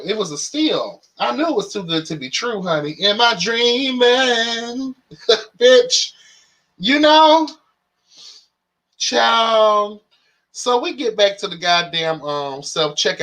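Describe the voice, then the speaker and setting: A man's voice: high-pitched, pushed and bright. A man hosting his own channel, telling a story as a casual rant, profane, sassy and dramatic. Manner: exasperated, dramatic retelling. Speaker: channel host.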